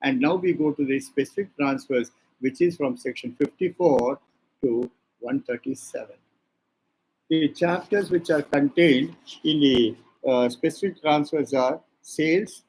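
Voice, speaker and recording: An older man with an Indian English accent giving a law lecture. He dictates points slowly, repeats them and answers his own questions. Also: a little high, darkish tone, slightly rough, poor audio. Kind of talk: classroom lecture.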